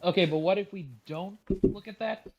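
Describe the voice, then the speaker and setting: A man's voice: sits high, moderate pace, warm tone, a little hiss or hum. A man from Norway with a Norwegian accent, co-hosting a casual podcast with sarcastic, crude banter. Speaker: podcast co-host.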